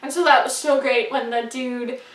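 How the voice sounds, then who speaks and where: A woman's voice: high voice, fairly even intonation, normal speed, echoey room, far from the mic. A woman giving a casual spoken movie review, chatty and full of "like" and "you know".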